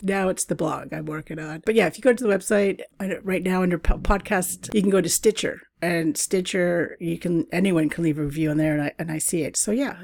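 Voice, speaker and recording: A woman's voice: fairly low pitch, creaky, a little mellow, no echo, clean studio sound. A middle-aged woman from Canada hosting a travel podcast, chatting casually in a bubbly way and laughing often. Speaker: podcast host.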